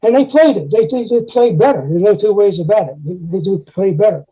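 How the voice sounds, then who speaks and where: A man's voice: high voice, animated, a little fast, husky, muffled recording. An older man, a retired music teacher, telling rambling anecdotes in an interview and scat-singing musical articulations. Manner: rambling anecdotes with frequent "you know" and scat-sung articulations. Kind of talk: conversational storytelling interview.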